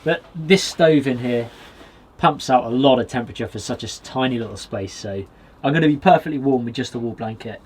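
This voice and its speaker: A man's voice: medium pitch, a little fast. British guy chilling in his little woods cabin, chatting to viewers, bit of faint background noise. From Britain. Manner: relaxed and chatty, addresses viewers directly. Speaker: outdoors vlogger. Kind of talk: casual vlog to camera. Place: small wood cabin with a stove, in woods.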